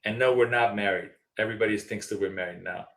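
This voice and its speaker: A man's voice: lowish voice, steady tone, quick pace, fairly bright tone. Chatty middle-aged man, echoey room. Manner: chatty storyteller, frequent fillers and restarts. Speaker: trading show co-host. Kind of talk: casual live trading chat.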